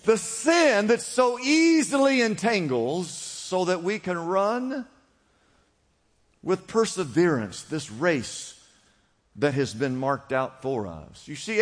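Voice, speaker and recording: A man with a high voice preaches a sermon to his congregation. He calls out for responses and swings between forceful emphasis and hushed drops. His voice rings with the long reverb of a large church hall. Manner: preaching with call-and-response, rising and dropping emphasis. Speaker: pastor.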